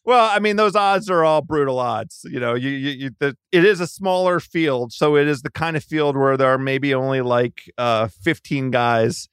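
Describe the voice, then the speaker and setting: A man's voice: medium pitch, normal speed, few pauses, a bit bright, clean tone, no echo. Podcast guest, male, talkative and rambling, clean resonant voice, dry close sound. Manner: rambling, many restarts mid-sentence. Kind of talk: casual sports chat. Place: Washington DC.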